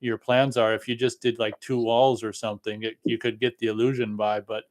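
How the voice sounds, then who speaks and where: Casting: man, podcast co-host, middle pitch, friendly, stumbles over restarts. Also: little pitch movement, fairly quick. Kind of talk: casual chat.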